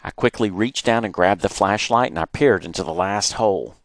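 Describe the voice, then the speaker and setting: A man reading his childhood memoir aloud, animated and acting out the moments he retells. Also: sits low, fairly quick, no room sound, clean studio sound. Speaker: storyteller.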